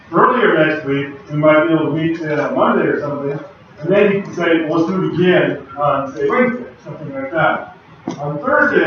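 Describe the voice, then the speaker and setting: A man with a slightly high voice gives a casual university lecture, chatting conversationally and dropping asides. Speaking a bit loudly, he sounds distant from the mic in a heavily echoing hall, and the lo-fi, dull recording carries a faint hum.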